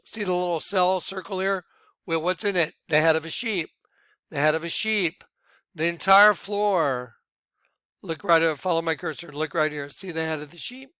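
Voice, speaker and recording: A man leading a ministry, talking viewers through images on his screen in an excitable, repetitive way. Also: fairly high pitch, unhurried, clear, resonant tone, no room sound. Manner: excitable, repeats himself, points things out to viewers. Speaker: ministry leader presenting on screen. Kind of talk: screen-share commentary.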